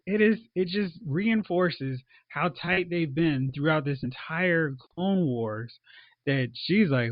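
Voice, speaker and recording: A fairly high-voiced man in casual podcast chat, jumping into playful character bits as he talks. The sound is dry and a bit dull, like a lo-fi home recording. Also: no echo. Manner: animated, acts out characters in quick asides. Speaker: podcast co-host. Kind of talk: casual movie review chat.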